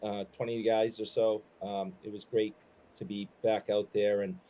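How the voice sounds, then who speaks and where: Easygoing low-voiced man chatting. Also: little pitch movement, normal speed, mellow. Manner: easygoing, rambling with fillers, earnest. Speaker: co-host. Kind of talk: casual live-stream chat.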